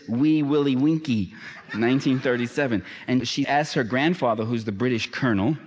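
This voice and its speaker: A man's voice: on the low side, a little mellow. A man giving an impassioned public lecture, emphatic, with sardonic asides and fervent peaks. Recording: long hall reverb.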